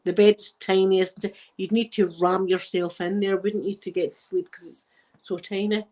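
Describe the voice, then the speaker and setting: A woman's voice: medium pitch, flat delivery, moderate pace, a little mellow. A middle-aged woman from Glasgow with a Glaswegian Scottish accent, chatting casually and rambling as she tells stories, often laughing. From Scotland. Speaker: channel host. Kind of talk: casual chat.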